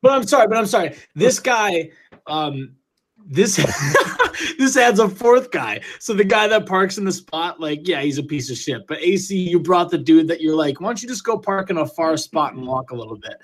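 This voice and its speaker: A man in his twenties hosting a podcast, chatting casually and telling animated stories full of quoted voices. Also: fairly high pitch, normal speed. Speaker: podcast host.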